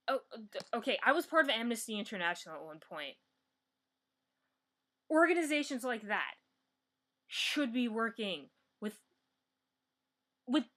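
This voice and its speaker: A woman's voice: on the high side, fairly bright tone. A young American woman giving a heated political rant as a vlogger, blunt and swearing, often breaking off and restarting, recorded on a built-in computer mic at home. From United States.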